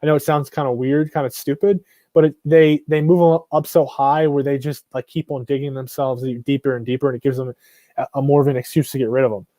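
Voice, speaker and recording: A man's voice: mid-range voice, fairly even intonation, fast, mellow, dry recording. Male live stream host, blunt and rambling, mid-range voice, dry close sound. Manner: blunt, rambling, frequent restarts and mild swearing. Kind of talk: casual live stream commentary.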